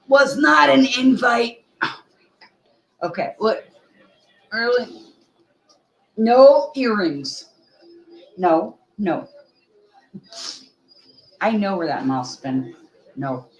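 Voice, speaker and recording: Slow chatty woman on a home stream, laughs a lot, roomy echo. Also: a little high, expressive. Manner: chatty, scolds a puppy, laughs often. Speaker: livestream co-host. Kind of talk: casual livestream chat. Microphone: earbuds.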